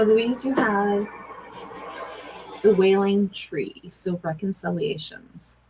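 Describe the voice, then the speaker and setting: A woman's voice: lowish voice, background noise. A middle-aged woman doing a live-stream oracle card reading, chatting with viewers and greeting them by name. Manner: chatty, warm greetings to viewers, gushing excitement.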